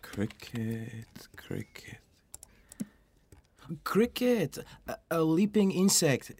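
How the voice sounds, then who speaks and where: Earnest young foreign groom, gentle, halting, very slow, gravelly. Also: male voice, mid-range voice, expressive, dry recording, full character voice. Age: young adult.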